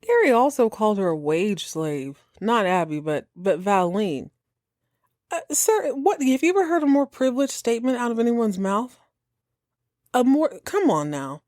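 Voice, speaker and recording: A woman hosting a podcast, reacting to a TV episode in casual, exasperated commentary, cursing freely and slipping into quick mocking impressions. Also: on the high side, no room sound, studio quality. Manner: animated, exasperated, swears freely, mocks characters in quick impressions. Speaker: podcast host reacting to a TV show.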